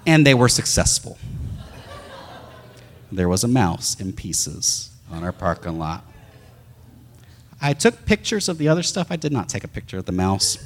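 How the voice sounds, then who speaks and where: A man, a pastor, telling a story in a sermon as an animated storyteller who acts out the sounds. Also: fairly low pitch, normal speed, long pauses, in a large hall.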